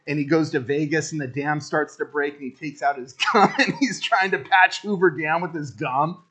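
A man's voice: on the high side, normal speed, bright, forceful tone, breathy edge. A man preaching a sermon as pastor, casual and joking, talking straight to the congregation.

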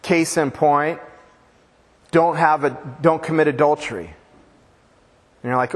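A man's voice: on the high side, fairly even intonation, unhurried. A man preaching a sermon as pastor, casual and joking, with slangy storytelling. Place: church with a long reverb. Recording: church hall reverb.

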